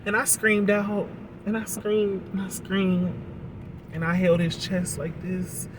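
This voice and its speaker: A man telling a personal story to his viewers in a confessional storytime monologue, emotional and halting, often repeating words. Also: high voice, monotone, noisy background.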